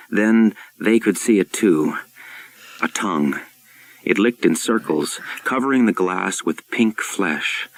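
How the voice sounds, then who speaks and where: A man reading a novel aloud in a steady, measured narration. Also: low voice, rough recording. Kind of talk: audiobook-style reading.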